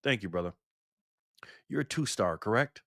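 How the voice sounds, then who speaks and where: An older man talks fast and fired up on his own live stream, cursing freely and calling viewers "man" and "brother." His voice is bright and forceful, and the sound is dry and close with no room echo. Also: on the low side, expressive. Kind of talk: casual live stream talk. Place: garage.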